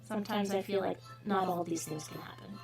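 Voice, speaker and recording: A woman's voice: medium pitch, fairly even intonation, a little fast, creaky, music in the background. A woman hosting a drawing livestream, chatting casually and rambling, sometimes dropping into whispers. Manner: rambling, self-mocking, trails into whispers. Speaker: livestream host drawing requests.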